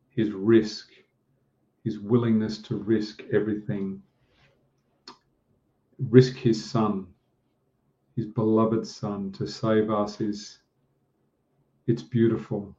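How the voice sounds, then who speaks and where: A mellow-voiced man preaches in a slow, deliberate way, pausing often between phrases and leaning on fillers. The recording is lo-fi and somewhat muffled. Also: on the low side. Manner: slow, halting delivery with pauses and fillers. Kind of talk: slow, deliberate sermon with prayer. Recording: dull, muffled lo-fi sound.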